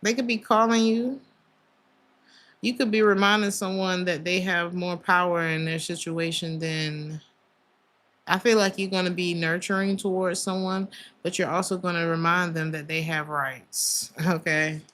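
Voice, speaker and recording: Low-pitched woman, warm chatty tarot reading, emotional asides. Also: steady tone, moderate pace. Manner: emotional, chatty, many fillers and laughs. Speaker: tarot reader.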